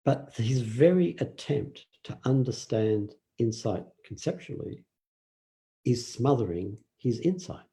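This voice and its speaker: An older man giving a relaxed dharma talk, telling stories with fillers and acted quotes. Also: medium pitch, takes it slowly. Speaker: meditation teacher.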